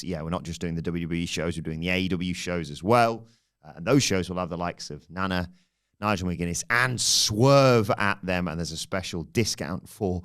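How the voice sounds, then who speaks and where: A man hosting a wrestling podcast, thinking aloud in a casual, rambling way. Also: low voice. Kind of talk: solo podcast commentary.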